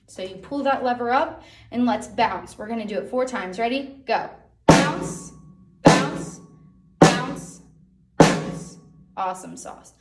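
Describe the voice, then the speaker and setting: A young woman music teacher giving an online drum lesson for children, encouraging and checking in with a frequent "okay?". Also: on the high side. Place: music room. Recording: echoey room, drum hits.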